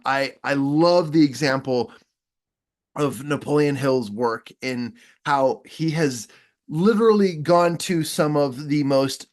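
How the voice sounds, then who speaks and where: A man giving a self-improvement training talk, earnest and enthusiastic, with frequent restarts as he tells stories. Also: mid-range voice. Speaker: personal development trainer.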